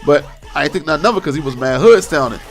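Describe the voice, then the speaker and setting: A young man hosting his vlog, telling a story in a casual, slang-heavy, animated way. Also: on the high side, fast talker. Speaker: vlog host.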